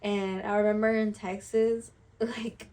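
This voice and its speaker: A young woman co-hosts a casual chat podcast in a middle-pitched voice, speaking bluntly and swearing with ease. She drops Spanish phrases into her English. Her voice sits a little back from the mic. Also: a little slow, distant mic. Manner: animated storytelling with laughter. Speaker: podcast co-host.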